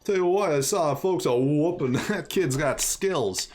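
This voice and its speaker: A man's voice: a little high, unhurried, darkish tone, voice pushed up, natural voice. A man doing a brash male ring announcer, talking in a hyped, showy rush with a raised voice. He sounds like a game's fight emcee working up a crowd, with a faint hiss behind him. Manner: hyped, showman delivery.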